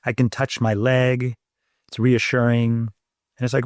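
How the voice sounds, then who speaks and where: A middle-aged man with a mid-range voice talks calmly and explains things step by step. He co-hosts a relaxed parenting conversation in a measured, reassuring manner, recorded close and dry. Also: medium pitch, dry recording. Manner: calm, explanatory, talks through steps. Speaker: podcast co-host.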